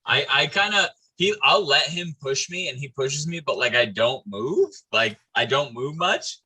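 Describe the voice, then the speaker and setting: A laid-back man plays a tabletop game, swearing casually. His voice is very bright and a little husky, with lively ups and downs. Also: medium pitch, a little slow, low-quality recording. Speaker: player.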